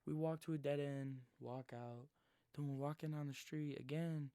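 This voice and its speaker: A man in his twenties telling a rambling, slangy story in his own words, sometimes dropping into a hushed near-whisper. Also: a little high, fairly even intonation, normal speed, clear, resonant tone, no echo, studio quality. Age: 20s. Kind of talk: casual first-person storytelling.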